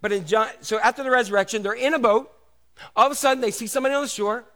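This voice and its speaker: A man preaching a sermon, retelling a story with lively acted voices and dropping soft and low for the tender parts. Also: very fast. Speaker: pastor.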